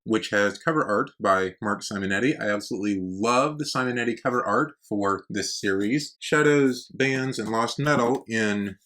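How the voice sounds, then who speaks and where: A man's voice: lowish voice, a bit bright. A man hosting a book-collecting vlog, talking casually and enthusiastically as he shows off editions. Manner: enthusiastic, conversational, uses "y'all". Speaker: book collector channel host. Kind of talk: casual show-and-tell vlog.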